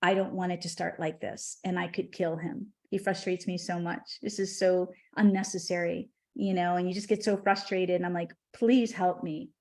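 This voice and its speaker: A woman's voice: fairly low pitch, flat delivery, moderate pace, hardly any pauses, darkish tone. A middle-aged woman, a podcast guest, telling a heartfelt spiritual story in conversation.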